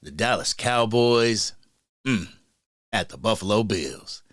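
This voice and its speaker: A man's voice: on the low side, lively intonation, slow pace, no echo. Dude hyped up on his fan livestream, reading chat names, dry sound. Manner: hyped, shout-outs to chat, frequent slang. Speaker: sports fan livestream host.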